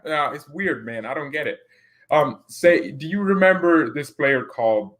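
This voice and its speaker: A man at a middle pitch, chatting loosely as he answers viewer comments on his football channel. He rambles, stumbles over restarts and breaks into laughter often. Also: expressive, moderate pace, a bit bright. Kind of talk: casual chat reading viewer comments.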